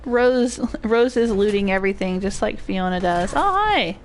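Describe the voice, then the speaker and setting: A woman's voice: medium pitch, moderate pace, a little mellow, slight background noise. An older woman giving rambling, casual commentary while streaming a game and greeting chat viewers. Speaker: gaming streamer. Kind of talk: casual live gameplay commentary.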